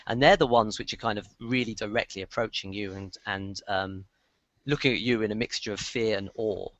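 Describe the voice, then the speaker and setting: A man narrating as game master of a tabletop game, rambling with many pauses and restarts. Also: on the low side, a bit bright, no echo, lo-fi sound.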